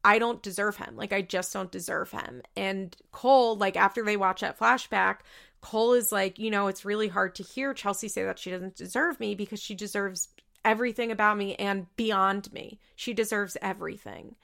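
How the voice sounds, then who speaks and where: A young woman talks through a reality show recap in loose, rambling casual chat, peppering her sentences with "like" and restarting her thoughts. Her voice sits at a middle pitch with a strong vocal fry, and she comes across as openly emotional and quick to laugh. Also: fairly even intonation, fairly bright tone. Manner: chatty, rambling, full of "like" and self-corrections.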